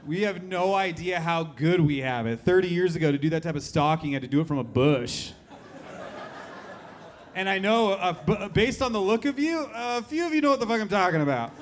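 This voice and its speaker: Brash male comic in his thirties, high-pitched, talks crude to the crowd at a club mic. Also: animated, fairly quick, a little hiss or hum. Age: 30s. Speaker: stand-up comedian. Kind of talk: stand-up comedy set. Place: comedy club stage.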